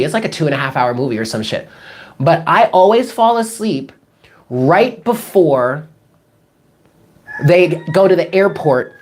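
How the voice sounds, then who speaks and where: A low-pitched woman in her thirties chats loosely to a live-stream audience as a tarot reader. She rambles from one tangent to the next, swears with ease and reacts to viewers' comments in a relaxed, talkative way. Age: 30s. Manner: rambling, chatty, swears casually, reads out chat comments. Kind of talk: casual live-stream chat.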